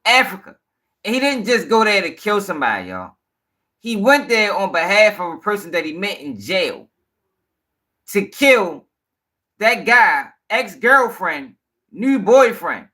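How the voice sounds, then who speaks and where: A man's voice: high-pitched, big pitch swings, a little slow, pushed and bright. Heated, profane man hosting a live stream. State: tired. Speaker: live-stream news host. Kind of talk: casual live-stream commentary.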